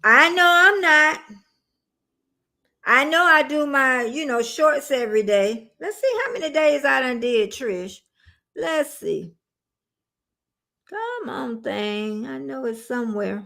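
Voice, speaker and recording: A woman's voice: a little high, expressive, takes it slowly, creaky, long pauses, fairly bright tone. A woman, chatting casually with viewers on a phone livestream, rambling and calling them y'all. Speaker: livestream host.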